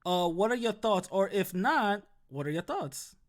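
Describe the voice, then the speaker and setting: A loose, chatty podcast host asking questions in an easygoing interview. Their talk is full of quick yeahs, uh-huhs and short laughs, with a voice of middle pitch. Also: very animated. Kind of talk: casual interview chat.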